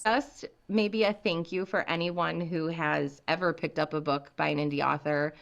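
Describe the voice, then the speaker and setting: A woman's voice: sits low, fairly even intonation, normal speed, vocal fry. An American woman author talking animatedly as a guest on a podcast, laughing often. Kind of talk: podcast interview.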